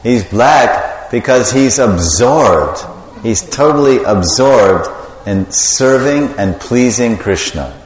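A man's voice: medium pitch, lively intonation, takes it slowly. A man preaching a sermon, animatedly telling a devotional story and quizzing the audience. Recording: echoey hall with long reverb.

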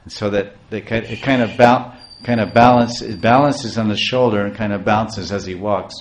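A man preaching a devotional story, halting and repeating words as he goes. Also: fairly low pitch, slight background noise. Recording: roomy echo.

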